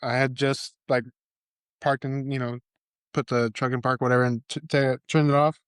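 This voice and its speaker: A man on a podcast telling a casual, profane story with halting restarts. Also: mid-range voice, little pitch movement, clear, resonant tone, dry recording, clean studio sound. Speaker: podcast guest.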